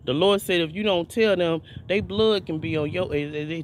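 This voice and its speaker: A man's voice: on the high side, animated, normal speed, a little hiss or hum. A man preaching in an informal video sermon, fervent and repetitive, often restarting his phrases.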